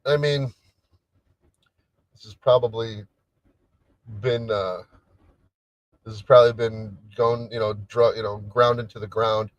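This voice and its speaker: A man's voice: lowish voice, fairly even intonation, measured pace, long pauses, no echo, highs cut off. A man hosting a casual solo livestream, chatting in a rambling way with lots of restarts and trailing thoughts. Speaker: livestream host. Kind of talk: casual solo stream chat.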